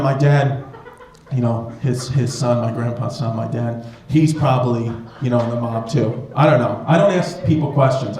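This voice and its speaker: A man doing stand-up comedy in a club, rambling and swearing as he banters with the crowd. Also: mid-range voice. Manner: profane, rambling, self-mocking banter with the audience. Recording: echoey club with audience noise.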